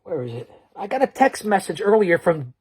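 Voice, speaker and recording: A man's voice: high-pitched, big pitch swings, normal speed, darkish tone, husky. A man hosting a show on his own, recapping in a rambling, joking way and correcting himself as he goes. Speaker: show host. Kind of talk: solo recap of a talk show. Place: alone in a basement bunker.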